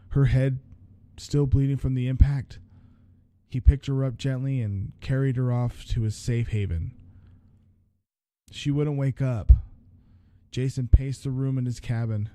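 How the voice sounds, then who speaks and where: A man with a mellow, mid-range voice and no echo hosts a podcast, reading a horror story aloud. He often stops to restart lines and tosses in casual comments about the text.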